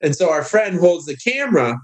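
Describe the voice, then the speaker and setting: A man telling a long story on a casual podcast, sarcastic and animated, jumping into high voices to mimic other people. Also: a little fast. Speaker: guest.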